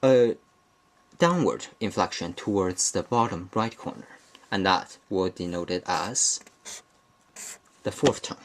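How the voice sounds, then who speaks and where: A man narrates a beginner language lesson in a slow, unhurried voice that sits a little low. He explains each point methodically and often stops to restate or correct himself mid-phrase. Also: animated, slight background noise. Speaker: language teacher.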